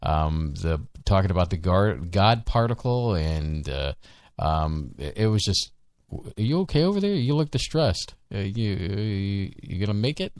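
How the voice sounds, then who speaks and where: A man's voice: sits low, big pitch swings, unhurried, a little mellow, clean tone, no room sound, clean studio sound. A man co-hosting a live show, chatting casually, rambling with many ums and restarts. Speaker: podcast co-host. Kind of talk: casual live-stream chat.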